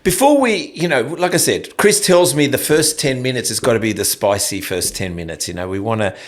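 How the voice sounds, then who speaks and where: A man's voice: medium pitch, expressive, a little fast. A man in his fifties with an Australian accent, hosting a podcast interview in a loose, rambling way with many restarts. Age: 50s. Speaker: podcast host. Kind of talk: casual interview chat.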